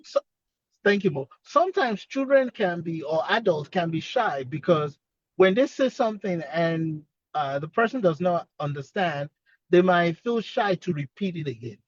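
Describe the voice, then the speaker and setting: A man with an accent giving gentle, encouraging speech advice over a video call from his car. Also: high-pitched, lively intonation, moderate pace, no echo, dull audio. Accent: non-native English accent. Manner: gentle, encouraging, acts out example dialogues. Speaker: speech-language pathologist, expert guest.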